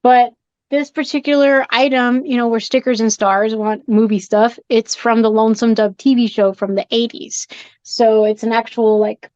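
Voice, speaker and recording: A woman guest on a podcast, telling a spooky story in an animated, jumpy way and acting out her own scared reactions. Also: a little high, normal speed, no room sound. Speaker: guest, shop owner and horror collector. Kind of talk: excited storytelling in a podcast chat. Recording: dull dry podcast audio.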